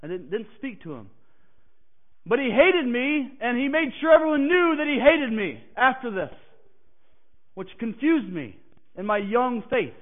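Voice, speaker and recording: A man preaching a personal testimony who swings from hushed, halting passages to emphatic declarations. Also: extremely high pitch, sing-song. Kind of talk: sermon testimony. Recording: tinny phone-like sound.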